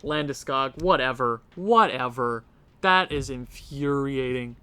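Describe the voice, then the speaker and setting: A man's voice: mid-range voice, normal speed, noisy background. A young man giving casual commentary on his own hockey video game late at night at home, exasperated and pleading with his team. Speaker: gaming video creator. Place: house at night.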